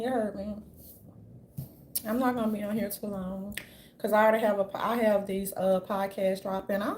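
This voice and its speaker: A woman giving an unscripted commentary rant, brash and profane, with a sassy, animated delivery. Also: mid-range voice, slight background noise. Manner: brash, profane, sassy, repeatedly says "darling"; animated, jumps into mocking voices. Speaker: commentary vlogger.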